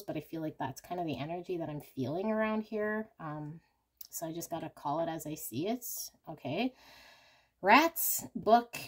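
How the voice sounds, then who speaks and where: A woman giving a casual pick-a-card reading, talking candidly and thinking aloud. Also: lowish voice. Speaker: tarot card reader.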